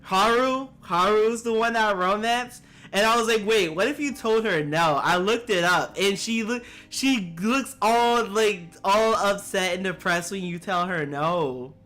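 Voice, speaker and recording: Young man streaming games, swearing, bright voice. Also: unhurried, hardly any pauses. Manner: swears a lot, pitch jumps up sharply when flustered. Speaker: game streamer. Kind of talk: casual live gameplay commentary.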